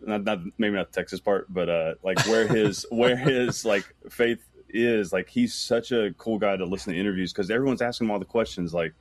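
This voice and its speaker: A man talking as a podcast guest in loose casual chat, rambling with lots of fillers and getting animated in stories. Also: fairly low pitch, fairly quick, hardly any pauses. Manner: rambling, heavy use of "like", animated when telling stories. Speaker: podcast guest, camera operator.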